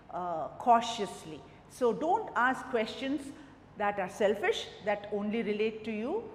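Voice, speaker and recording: A woman's voice: fairly high pitch, a little hiss or hum. A woman trainer giving earnest, step-by-step instructional advice to learners. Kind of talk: instructional talk. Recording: echoey room with long reverb, faint ambience.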